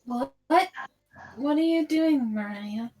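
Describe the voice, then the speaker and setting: A woman player in a tabletop role-play game, talking in a lively, expressive way. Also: fairly high pitch, slow.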